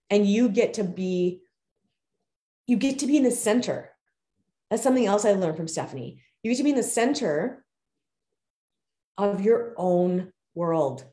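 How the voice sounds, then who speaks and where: A woman hosts a live figure skating coaching show and gives a motivational talk, stressing and repeating her key phrases. Her voice is mellow and warm, and her words address the audience directly. The room adds a clear echo. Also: mid-range voice. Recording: roomy echo.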